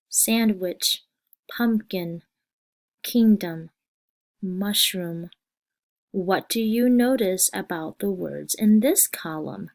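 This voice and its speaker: A woman teaching a phonics lesson, reading word lists slowly and deliberately and asking questions. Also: medium pitch. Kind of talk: slow, scripted phonics lesson.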